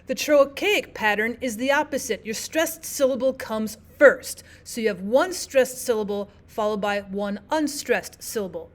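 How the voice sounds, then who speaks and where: A woman teaching a recorded lesson, explaining terms step by step in a clear, methodical way and repeating the key points. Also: a little high, a little slow, hardly any pauses.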